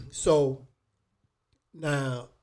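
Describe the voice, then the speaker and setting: A man co-hosting a casual podcast. He tells stories in an animated, profane way. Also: medium pitch, very slow. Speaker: podcast co-host. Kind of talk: casual chat, storytelling.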